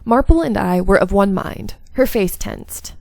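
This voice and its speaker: A woman reading visual novel narration aloud, with small slips and stumbles along the way. Her voice is gravelly with vocal fry. The sound is close and dry. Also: medium pitch, animated, a little slow, a little mellow, dry recording. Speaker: game streamer.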